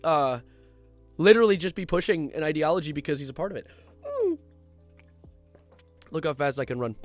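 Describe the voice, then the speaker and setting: A man's voice: high voice, fairly bright tone, no room sound. A man in his twenties chatting casually on a live stream, rambling and jumping between reading chat and his topic.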